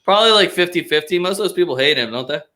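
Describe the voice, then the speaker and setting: Bright-voiced, ranting, profane man. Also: high voice, lively intonation, rapid-fire. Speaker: podcast host. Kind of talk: casual sports podcast chat.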